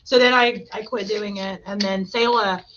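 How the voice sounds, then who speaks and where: Bright, chatty woman on a dull lo-fi mic. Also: mid-range voice, moderate pace. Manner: chatty, animated storytelling with voiced quotes. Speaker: podcast host. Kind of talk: casual chat. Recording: dull lo-fi sound.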